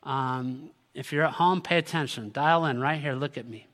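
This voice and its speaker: A man's voice: mid-range voice, normal speed, a bit bright. A man giving a sermon as a pastor, earnest and direct, building to emphatic peaks. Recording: long hall reverb.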